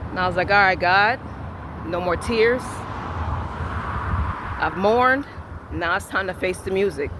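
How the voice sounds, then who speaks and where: A man telling a personal faith story with deep feeling. He acts out the quoted dialogue and moves between quiet, hushed moments and loud outbursts. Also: measured pace, noisy background. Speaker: vlogger sharing a personal faith testimony.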